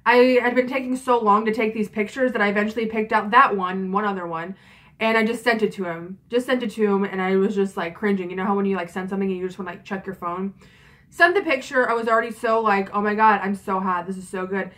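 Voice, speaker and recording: A young woman in her twenties tells a story in a casual vlog, talking fast in a fairly bright, mid-range voice. She's chatty and frank, swears a lot, and fills her speech with fillers.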